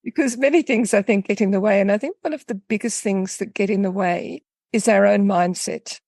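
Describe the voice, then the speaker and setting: A woman guest talks in an unhurried, reflective way, with a gravelly, slightly husky voice. Her tone is dark and mellow, and it is recorded dry and close. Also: medium pitch, dry recording. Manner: thoughtful, unhurried, with small restarts. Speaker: guest, coach for women in midlife. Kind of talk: reflective interview talk with storytelling.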